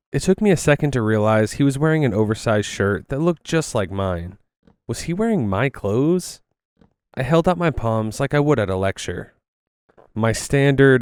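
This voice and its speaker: A man reading a first-person story aloud while playing a video game, in a steady storytelling manner. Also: fairly low pitch, clear, resonant tone, dry recording. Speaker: story narrator.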